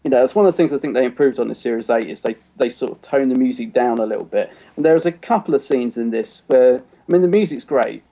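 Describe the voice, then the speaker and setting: A man with a mellow, warm tone co-hosts a podcast, talking loosely and at length. He circles his points with plenty of "you know" and false starts, in a relaxed conversational style. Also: mid-range voice, quick pace, few pauses. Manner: rambling, full of "you know" and restarts. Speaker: podcast co-host. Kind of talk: casual chat reviewing an episode.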